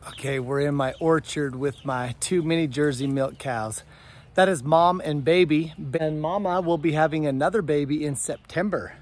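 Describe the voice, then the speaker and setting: Earnest rambling middle-aged man, a bit high. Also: moderate pace. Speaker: homesteader vlogger. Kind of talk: casual talk to camera. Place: outdoors on a farm, goat pen and orchard.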